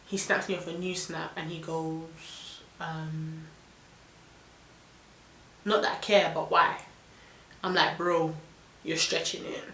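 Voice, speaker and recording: A young woman with a London accent telling an animated, indignant storytime vlog full of slang. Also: low voice, takes it slowly, long pauses, echoey room, a little hiss or hum. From London, England. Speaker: vlogger.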